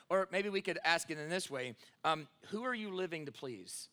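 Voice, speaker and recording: A man in his thirties preaching a sermon as pastor, telling a story in a relaxed way with many fillers and then pressing his point with emphasis. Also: a little high, normal speed, clean tone.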